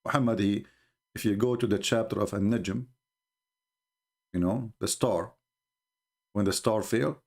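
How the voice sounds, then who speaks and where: A man gives live-streamed commentary in an emphatic, scornful, mocking way, often stalling with fillers and starting over. His voice is lowish with a somewhat dark tone.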